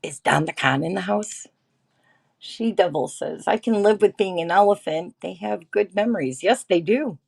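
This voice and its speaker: A woman's voice: mid-range voice, normal speed, creaky, breathy edge. A middle-aged woman hosting a casual livestream, chatting, laughing often and greeting viewers by name as she reads their comments. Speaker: livestream host.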